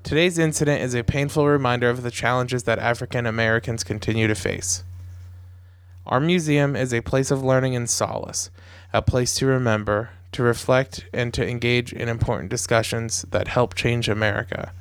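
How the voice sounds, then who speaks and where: A man's voice: medium pitch, fairly even intonation, moderate pace, no room sound, studio quality. Joking male podcast co-host. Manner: joking, laughing along. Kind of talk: casual podcast chat.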